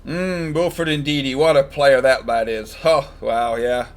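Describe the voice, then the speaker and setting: A man's voice: medium pitch, steady tone, slow pace. A man chatting casually and joking while commenting live on a football match he is watching for his stream. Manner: chatty, joking, fan-biased predictions.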